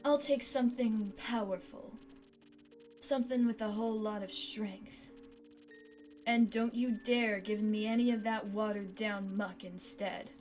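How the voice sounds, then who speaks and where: A woman's voice: medium pitch, steady tone, measured pace, a little mellow, faint music behind, close to an everyday voice. A woman reading the lines of a blunt, cynical lone-wolf adventurer woman from a fantasy tavern game, with a drifting Southern accent and a curt, terse delivery.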